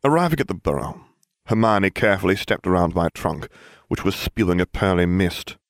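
A man reading a first-person story aloud with dry, deadpan comic delivery. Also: low-pitched, moderate pace, no echo. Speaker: narrator.

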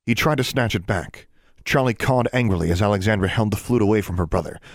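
Deep, steady male audiobook narrator. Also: no echo, studio quality. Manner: steady, measured storytelling.

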